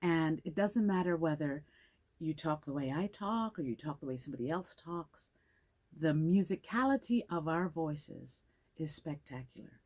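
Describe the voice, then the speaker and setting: A woman's voice: low voice, expressive, darkish tone. An older woman from the Caribbean with a Caribbean British accent, speaking as a guest actress in a reflective interview and acting out the voices she quotes. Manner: measured, acts out quoted voices.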